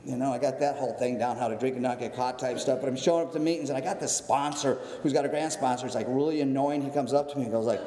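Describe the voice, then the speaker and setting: A man telling his recovery story to a meeting, animated and acting out the voices of others, swinging between excitement and somber reflection. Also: medium pitch, fast talker, few pauses. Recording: echoey hall, long reverb.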